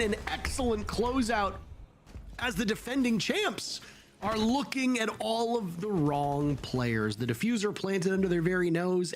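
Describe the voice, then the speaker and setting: High, animated male esports caster. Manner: excitable, rising pitch at big plays. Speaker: play-by-play caster. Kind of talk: esports play-by-play commentary.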